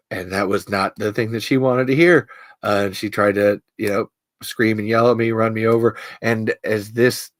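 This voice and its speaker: Trans livestream host, medium pitch, close dry mic, halting and candid, heartfelt. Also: no room sound. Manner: halting, personal, emotional. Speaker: podcast host reading live chat comments. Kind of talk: casual livestream chat.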